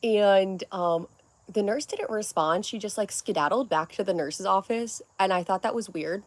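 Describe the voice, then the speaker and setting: A woman's voice: mid-range voice, moderate pace. Rambling woman chatting on a livestream. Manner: rambling, scattered, jumps between topics. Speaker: livestream host. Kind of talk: casual livestream chat.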